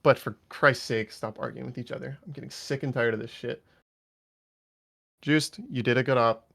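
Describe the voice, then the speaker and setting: A man gives a harsh after-action debrief to his gaming unit over voice chat. He speaks bluntly, swears often and warns of discipline. His pitch sits in the middle of the range. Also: steady tone, normal speed, gravelly, pushed and bright. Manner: blunt, angry scolding with swearing.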